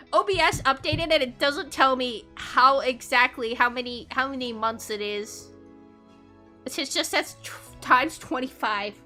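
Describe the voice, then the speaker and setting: Woman from Canada, high voice, very bright tone, giggly rambling stream chat, faint music behind. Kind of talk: casual livestream chat.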